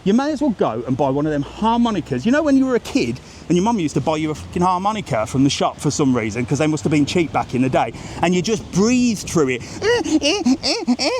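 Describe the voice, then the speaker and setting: A man's voice: on the high side, sing-song, fast talker, hardly any pauses, darkish tone, a little hiss or hum. Sweary chatty vlogger man. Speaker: travel vlogger. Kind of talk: casual walking vlog. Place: outdoors on a windy seaside street.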